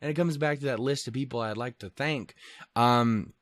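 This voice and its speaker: Male solo podcaster, mid-pitched, loose and profane storyteller, dead-dry studio sound. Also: moderate pace, dry recording. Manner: rambling, profane, self-deprecating. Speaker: podcast host. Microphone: podcast microphone.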